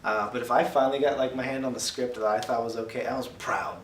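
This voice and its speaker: A man co-hosting a casual movie review podcast, joking and acting out scenes in quick put-on voices. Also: mid-range voice, fairly even intonation. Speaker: podcast co-host. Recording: roomy, distant mic with faint noise.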